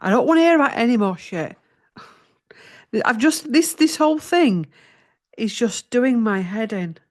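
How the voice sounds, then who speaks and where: A woman's voice: on the high side, animated, unhurried. Woman mumbling and swearing while she looks stuff up, flustered, chatty. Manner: flustered, muttering and swearing to herself. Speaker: tarot channel host. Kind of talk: casual chat while researching.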